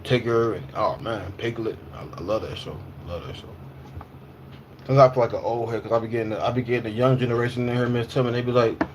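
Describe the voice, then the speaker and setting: This twenty- or thirty-something man talks fast in a steady, medium-pitched voice over a noisy background while livestreaming. He keeps it casual and slangy, says things more than once, and replies to viewers' comments as they come in.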